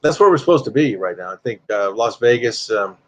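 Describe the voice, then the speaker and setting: A man's voice: lowish voice, expressive, a little fast. A man hosting a casual live stream, rambling and reading viewer comments aloud in a friendly, chatty way.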